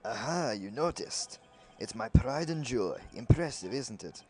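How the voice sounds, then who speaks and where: A man voicing a pompous older male lawyer who keeps clearing his throat theatrically. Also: medium pitch, expressive, measured pace, darkish tone, soft background music, close to an everyday voice.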